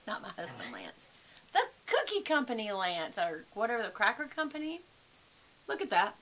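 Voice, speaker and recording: A woman's voice: medium pitch, wildly swooping pitch, unhurried, fairly bright tone. A woman, chatting casually and rambling to her viewers at home, calling them y'all. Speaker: vlogger. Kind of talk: casual chat to camera.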